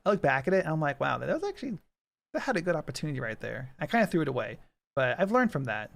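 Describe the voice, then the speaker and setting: A man's voice: fairly high pitch, sing-song, fast, vocal fry, a bit bright. A man in his thirties, a podcast co-host chatting casually and telling stories with frequent laughs. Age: 30s. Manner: chatty storyteller, laughs often. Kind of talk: casual chat.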